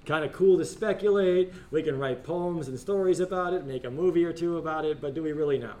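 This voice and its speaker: A man teaching a classroom discussion, animated and joking, often laughing as he talks. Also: fairly high pitch, brisk. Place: school classroom.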